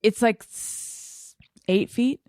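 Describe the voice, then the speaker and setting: In a studio, a woman co-hosting a podcast chats casually and playfully, teasing and now and then half-singing snatches of a song. Her voice is a little high and a little mellow, she draws out her words, and there's no room sound.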